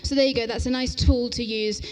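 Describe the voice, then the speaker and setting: An upbeat woman, a teacher trainer, presents an interactive workshop in a large, echoey conference lecture hall. Her voice sits on the high side with a steady, darkish tone, and she's brisk, often checking in with "okay?".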